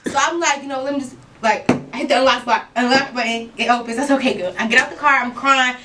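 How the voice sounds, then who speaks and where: Brief: woman, high voice, vivid storyteller, sits away from the mic, noisy recording. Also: fast talker, recorded from a distance. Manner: vivid, checks that the listeners are following. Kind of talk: casual storytelling chat.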